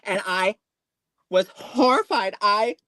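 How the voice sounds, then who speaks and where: A man hosting a casual live psychic stream, animated and laughing as he tells stories and reads tarot cards. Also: high-pitched, slow pace, dry recording. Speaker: psychic reader host.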